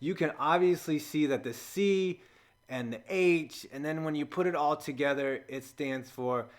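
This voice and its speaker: A man's voice: on the high side, measured pace. Sarcastic American man doing jokey commentary. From United States. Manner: sarcastic, jokey, with sudden loud jumps. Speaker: comedy video host. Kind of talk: scripted comedic voice-over.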